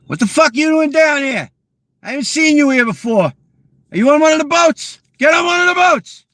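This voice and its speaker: A man voicing an angry male fisherman, shouting aggressively at a stranger in a high, strained voice. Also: expressive, a little fast, dry recording, clean studio sound. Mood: hostile.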